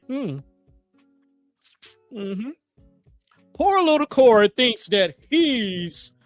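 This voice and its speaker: A man's voice: high voice, no room sound, clean studio sound, exaggerated voice. A man voicing the markets as a smug figure that laughs at a losing trader.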